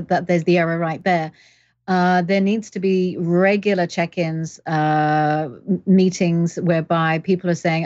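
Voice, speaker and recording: A woman's voice: fairly low pitch, darkish tone, no room sound, dull audio. A woman guest coach giving advice in an interview, explaining by acting out example conversations. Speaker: guest expert, leadership coach.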